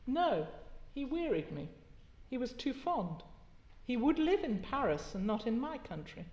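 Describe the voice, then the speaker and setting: Woman reading calm cooing murderess, slow, quiet, deliberate, echoey hall, long reverb. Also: fairly high pitch, highs cut off, pitched above the performer's own voice. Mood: cool, quiet. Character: cool, cooing female actress who killed her husband. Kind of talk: dramatic reading from a novel. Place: lecture hall.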